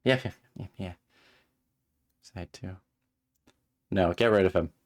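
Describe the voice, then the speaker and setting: Low-voiced male streamer narrating a game aloud, quick to break into exasperated commentary. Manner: animated, exasperated asides. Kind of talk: reading a visual novel aloud with live commentary.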